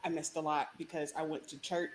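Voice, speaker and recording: A woman's voice: deep voice, flat delivery, a little fast, slight background noise. A woman calling into a live stream, blunt and casual, swearing freely. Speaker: guest caller. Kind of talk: casual chat.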